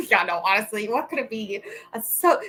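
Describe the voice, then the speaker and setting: A woman's voice: on the high side, very animated, normal speed, pushed and bright, low-quality recording. A woman vlogger chatting casually to a friend during reading sprints, rambling and giggling often.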